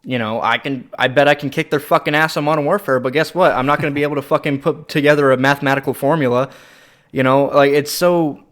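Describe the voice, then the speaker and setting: A young American man ranting on a casual podcast, swearing freely as he talks. His voice sits in a middle register. His ranting breaks into loud, animated outbursts. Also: medium pitch, fast talker. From United States. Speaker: podcast co-host. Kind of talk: casual chat.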